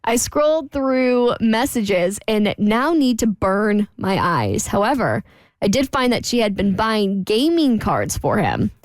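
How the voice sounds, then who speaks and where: A woman co-hosting a radio talk show, reading a listener's letter aloud in a lively, chatty way. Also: mid-range voice, slow, no room sound. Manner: lively, chatty, laughs between lines.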